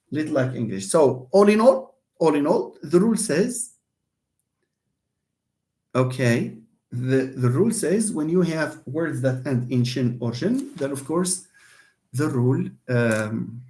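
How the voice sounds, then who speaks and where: His voice sits on the high side with a darkish tone: a Moroccan-accented man teaching English at a university, lecturing his class. He stresses key words by repeating them and weaves in Arabic and French.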